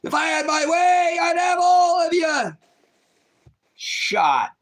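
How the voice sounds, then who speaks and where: A man putting on a blustering, menacing male politician at a rally, shouting and drawing out his words in mockery. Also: extremely high pitch, sing-song, voice pushed up, full character voice. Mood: mocking menace. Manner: shouted, drawn-out and mocking.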